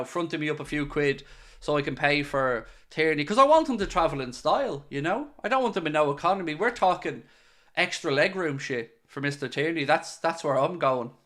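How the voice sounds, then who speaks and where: Irish male fan-channel host, casual solo commentary, wry and sarcastic, voice sits a touch high. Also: a bit bright. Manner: playful, sarcastic, mock-serious pitching.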